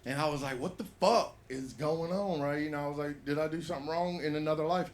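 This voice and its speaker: A man's voice: fairly high pitch, fast. A man telling a rambling, profane stand-up story at an open mic in a comedy bar.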